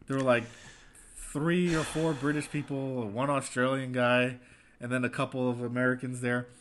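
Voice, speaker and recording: A man's voice: mid-range voice, flat delivery, moderate pace, a bit bright, a little hiss or hum. A man in casual chat as a podcast co-host, rambling and chatty. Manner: rambling, chatty, does mocking quoted voices.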